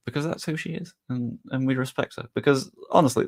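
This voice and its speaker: A man's voice: medium pitch, fairly quick, vocal fry, hardly any pauses, darkish tone. A man chatting casually on a live stream, rambling a little and answering viewers' messages. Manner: rambling, reads chat aloud and answers it.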